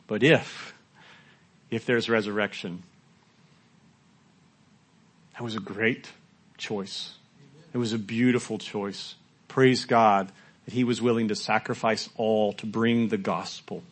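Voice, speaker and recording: A man preaching a sermon in a conversational way, asking the congregation questions and at times rising to loud, shouted quotes. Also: lowish voice, fairly even intonation, measured pace, husky. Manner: rises to loud shouting when acting out quotes. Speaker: pastor.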